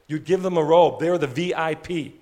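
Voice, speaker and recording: A male pastor preaching a sermon with animated storytelling, dropping his voice low for emphasis. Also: brisk, big-room sound.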